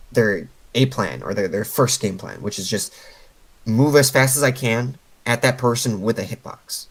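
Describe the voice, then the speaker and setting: On a low-quality voice call, a game coach with a medium-pitched voice guides a player. He explains patiently, step by step, with lots of fillers.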